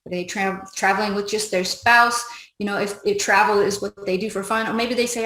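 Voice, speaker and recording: A woman's voice: mid-range voice, moderate pace, pushed and bright. A woman giving an upbeat training talk on recruiting conversations, acting out both sides of a chat as she coaches. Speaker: business trainer. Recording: echoey room.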